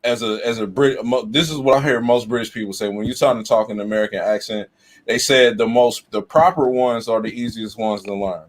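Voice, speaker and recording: A man's voice: mid-range voice, a little fast. A man in a casual live-stream chat, arguing his points emphatically and repeating himself.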